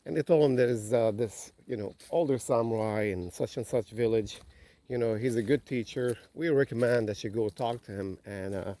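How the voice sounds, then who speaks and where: A man telling a story on a walk, relaxed, with many filler phrases. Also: mid-range voice, normal speed. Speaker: vlogger. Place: outdoors on a nature walk.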